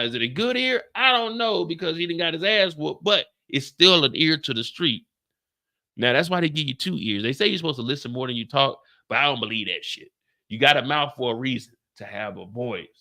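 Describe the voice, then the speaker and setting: A young man from Kansas City hosting a casual livestream, talking loud and jokey and pushing his voice up to entertain. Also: fairly high pitch, animated, brisk. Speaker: host of a TV show recap livestream.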